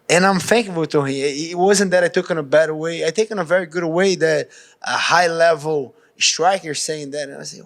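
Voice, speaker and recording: A man's voice: on the high side, brisk, vocal fry. A man with a Brazilian accent, a professional fighter answering questions in a pre-fight media interview, talking frankly and casually, often restarting his sentences.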